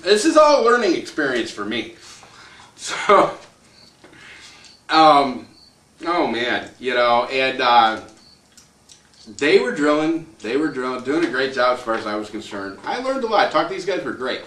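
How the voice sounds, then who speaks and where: A landowner telling a long personal story in a casual, rambling way, chuckling and acting out what other people said. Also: male voice, medium pitch, big pitch swings, a little slow, long pauses, a bit bright. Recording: roomy echo, distant mic, faint noise.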